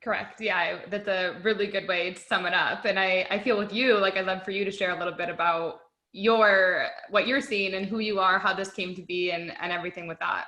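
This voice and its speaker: A woman's voice: mid-range voice, fairly even intonation, brisk, bright, forceful tone. A woman podcast host in casual conversation, inviting her guest in with hesitant, restarting phrases. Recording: echoey, muffled room sound.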